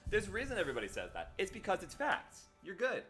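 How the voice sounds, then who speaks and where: A man's voice: high-pitched, wildly swooping pitch, fast talker, pushed and bright, faint music behind. A man streaming a video game live, talking earnestly and directly to his viewers in casual chat. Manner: earnest, talks straight to viewers.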